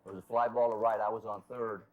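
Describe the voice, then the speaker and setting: A man's voice: lowish voice, little pitch movement, quick pace, rough recording. A man, a former ballplayer, telling a teasing story in an interview. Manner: joking, teasing. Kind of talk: anecdotal interview.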